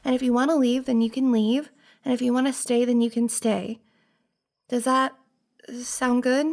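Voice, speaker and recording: A flustered young best friend, played by a woman in a whispered role-play, soft and earnest, pleading and stumbling over her words. Her fairly high voice has a gravelly fry at the ends of phrases. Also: steady tone, moderate pace. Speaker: ASMR roleplay performer.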